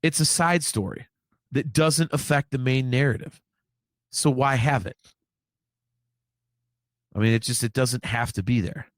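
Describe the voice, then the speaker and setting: A man in casual podcast chat, rambling and restarting his sentences as he pushes his opinion. His voice sits in an ordinary middle pitch. It is recorded close and dry, with no room sound. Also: unhurried, long pauses, no room sound. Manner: rambling, repeats words, swears casually. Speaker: podcast co-host.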